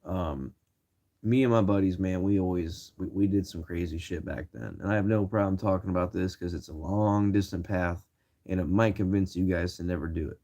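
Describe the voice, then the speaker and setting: A man's voice: sits low, fairly even intonation, normal speed, dark tone. A man in his twenties telling a story to his viewers in a casual, slangy, rambling way with many restarts. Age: 20s. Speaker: vlogger.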